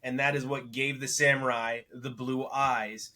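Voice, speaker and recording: A man's voice: medium pitch, flat delivery, a little slow, sharp tone. A man co-hosting a podcast, giving easygoing casual reviews of shows with ratings. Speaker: podcast co-host.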